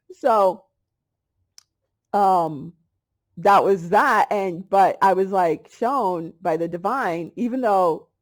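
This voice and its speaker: A woman's voice: lowish voice, a little mellow. A middle-aged woman vlogging about holistic health, telling a story in a chatty way and acting out both sides of a conversation. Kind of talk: casual spiritual monologue.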